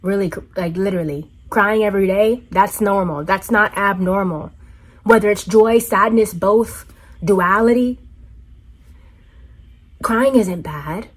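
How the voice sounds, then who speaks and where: A woman's voice: medium pitch, measured pace. A woman vlogger talking in an earnest, heartfelt way, repeating phrases for emphasis. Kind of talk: reflective personal monologue.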